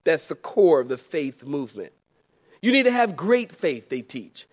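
A male pastor preaching a sermon, calling out to the congregation and swinging from soft, confiding asides to loud, emphatic declarations. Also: on the high side, sing-song, normal speed. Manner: calls out to the congregation.

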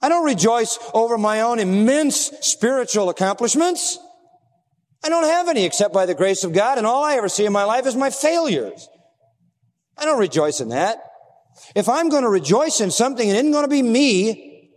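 A man preaching from the pulpit with a high, bright pitch, his voice trailing off in a long hall reverb. He speaks emphatically, pressing his listeners with rhetorical questions. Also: very animated, normal speed. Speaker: pastor. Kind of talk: sermon.

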